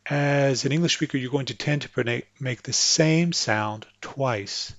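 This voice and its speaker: A patient man walks English speakers through French pronunciation, repeating words slowly to demonstrate each sound. His voice sits at an ordinary middle pitch and is close and dry, with a slightly dull, lo-fi tone. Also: no room sound. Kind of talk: instructional explanation with spoken examples.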